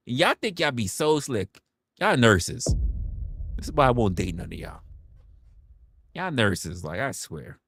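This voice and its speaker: A young man hosting a livestream, telling a story in a candid, profane, animated way. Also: mid-range voice, unhurried, gravelly, long pauses, slightly rough, no room sound, studio quality. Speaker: livestream host.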